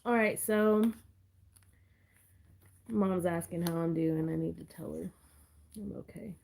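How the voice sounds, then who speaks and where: A hoarse, out-of-breath woman chatting casually to her viewers as she works on a planner, drifting into soft mumbles. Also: fairly low pitch, slow pace, a little hiss or hum. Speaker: planner vlogger.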